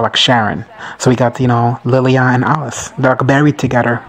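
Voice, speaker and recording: Husky man giving a rambling, profane recap. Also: medium pitch, a little fast, faint music behind. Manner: rambling, profane and excitable, often laughing. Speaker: video host reacting to a TV show. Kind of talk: casual recap commentary.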